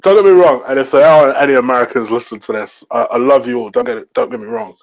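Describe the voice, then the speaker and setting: An English man co-hosting a casual chat show, expressive and quick to act out the voices in his stories. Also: medium pitch, creaky, rough recording. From England. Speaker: co-host.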